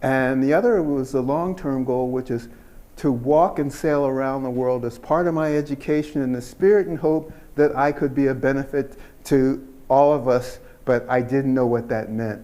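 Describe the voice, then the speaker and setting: An older man giving a keynote speech, telling his story in an unhurried, earnest way and laughing at himself now and then. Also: medium pitch, warm tone. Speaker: keynote speaker.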